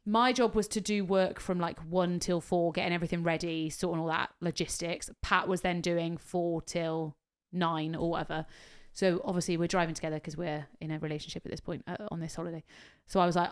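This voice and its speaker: Animated woman telling a story. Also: lowish voice, brisk, hardly any pauses, clear, resonant tone. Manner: animated storyteller, swears freely, acts out quotes. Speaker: podcast co-host. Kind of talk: casual chat.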